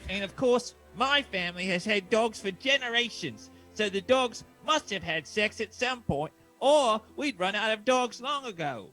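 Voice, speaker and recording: A man's voice: sits high, animated, normal speed, hardly any pauses, pushed and bright, faint music behind. A man playing a snooty rich young woman with a put-on Cockney accent, overacting in a comedy reading. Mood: haughty.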